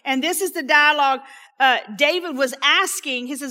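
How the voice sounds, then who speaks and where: A woman preaching a sermon, animated, dropping to a hushed whisper for emphasis and checking in with "okay?". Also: sits high, normal speed. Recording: long hall reverb.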